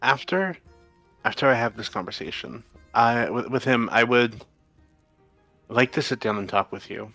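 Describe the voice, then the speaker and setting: A man's voice: mid-range voice, normal speed, gravelly, pauses often, pushed and bright, faint music behind. A man speaking in character as a player, earnest and formal. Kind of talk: in-character role-play.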